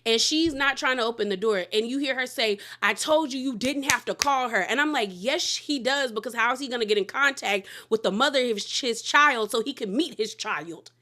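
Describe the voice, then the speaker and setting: A woman's voice: fairly high pitch, fairly quick, few pauses, bright, forceful tone. Chatty, blunt woman recapping TV gossip. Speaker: reality TV recap host. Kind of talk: casual recap commentary.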